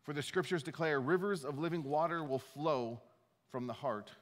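A man's voice: on the high side, moderate pace, in a large hall. A man preaching a sermon as pastor, talking conversationally, restarting his phrases and reading scripture aloud.

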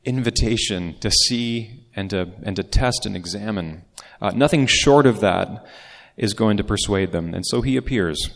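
A man preaches a sermon in a calm, unhurried, conversational way, with a voice that sits a little low. His words ring out in a hall with a long reverb. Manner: conversational preaching with pop-culture asides. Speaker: pastor.

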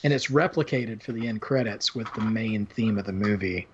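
Speaking at a normal speed in a fairly low voice, a male podcast host chats about films in a rambling way, restarting and using fillers often. The recording has its highs cut off and slight background noise.

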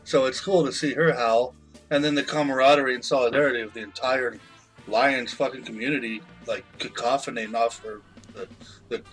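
A man's voice: mid-range voice, a bit bright, rough recording. Profane rambling man telling stories. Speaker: podcast co-host. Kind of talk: casual banter.

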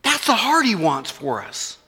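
A man's voice: high-pitched, wildly swooping pitch, unhurried, pushed and bright, husky, big-room sound. A man, preaching a sermon in a church in a conversational way and acting out the voices of his listeners. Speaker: pastor.

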